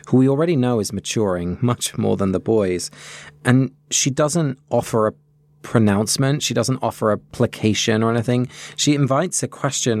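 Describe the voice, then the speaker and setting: A man co-hosting a podcast, reflective and gently guiding listeners through a reading and discussion. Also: fairly low pitch, vocal fry, dry recording. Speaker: podcast co-host.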